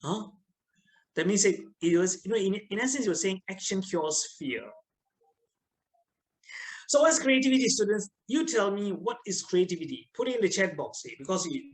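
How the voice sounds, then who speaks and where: A middle-aged man with a Malaysian English accent giving a lively, teasing online lecture to students, often asking them questions. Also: high voice, moderate pace, rough recording.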